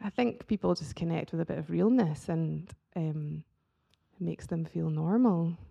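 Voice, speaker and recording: A woman artist talking as a guest in a casual chat about faith and creativity, with a soft, gravelly voice. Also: lowish voice, normal speed, lo-fi sound.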